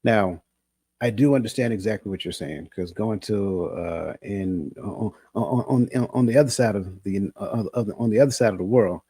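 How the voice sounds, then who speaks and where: A man who coaches, talking in a measured, emphatic way in a casual discussion and often repeating his words. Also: lowish voice, warm tone, husky, dry recording.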